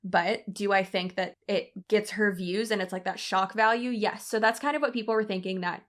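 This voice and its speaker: A woman's voice: mid-range voice, fairly even intonation, normal speed, a bit bright. Chatty woman with a light Southern lilt. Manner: chatty, frank, many fillers, laughs at herself. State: pregnant. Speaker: commentary YouTuber. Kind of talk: casual commentary vlog.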